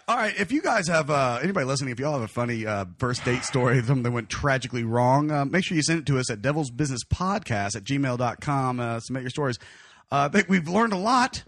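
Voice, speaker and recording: A man's voice: medium pitch, fairly bright tone, no room sound. A man, hosting a podcast and telling a crude story with many laughs while putting on voices for the people in it. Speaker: podcast host. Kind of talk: casual storytelling chat.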